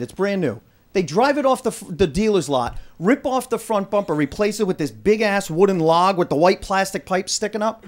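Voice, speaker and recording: Brash stand-up comic. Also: male voice, high voice. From Rhode Island, USA. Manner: brash, punchy, working the crowd. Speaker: stand-up comedian. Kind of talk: stand-up routine. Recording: live club recording, audience laughter. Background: crowd laughter, noise.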